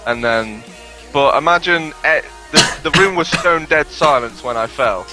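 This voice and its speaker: A man's voice: on the high side, unhurried, over loud music. A young man, a podcast co-host telling rambling, sweary anecdotes in casual chat.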